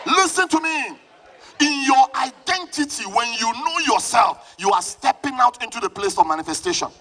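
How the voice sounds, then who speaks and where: A man with a Nigerian accent preaches at a very high pitch. He drives his sermon with fervor, shouting and calling back to the congregation. The delivery is a live church sermon. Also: expressive, normal speed. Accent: Nigerian English. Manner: fervent, often shouting, calls on the congregation to respond. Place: church service.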